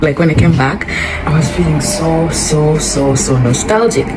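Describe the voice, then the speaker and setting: A woman giving travel advice in a casual vlog, playful and animated, acting out little exchanges. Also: sits low, moderate pace, background noise. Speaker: travel vlogger.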